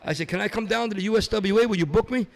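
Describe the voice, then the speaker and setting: A man's voice: sits high, racing, gravelly. A middle-aged man from Massachusetts, a podcast guest telling stories in casual chat, acting out the voices of other people. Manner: animated storyteller, acts out other people's voices.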